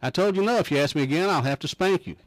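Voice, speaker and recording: A man's voice: fairly high pitch, racing, dry recording, voice pushed up, lightly acted, low-quality recording. A man voicing a stern, exasperated father who is losing patience with his son.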